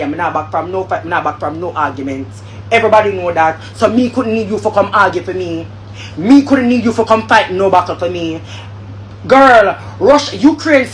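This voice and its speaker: A woman with a Jamaican accent tears into someone in an angry vlog rant. She repeats her points over and over and swears often. Her voice sits at a middle pitch, with faint noise behind it. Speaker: vlogger. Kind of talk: heated rant.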